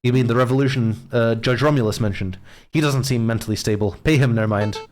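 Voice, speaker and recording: A man's voice: medium pitch, a little fast, a little mellow, faint music behind, close to an everyday voice. Man voicing a dry falcon lawyer.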